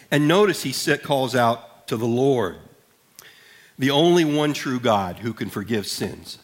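A male pastor in the middle of a sermon, his voice sitting at an ordinary pitch for a man. He speaks earnestly and deliberately, leaning into each line of scripture he reads aloud. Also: a bit bright.

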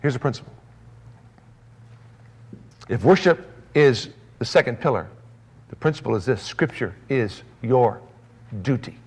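A man preaching a sermon as pastor, swinging from loud, raised emphasis to soft, low drops. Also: lively intonation, unhurried, pauses often, husky.

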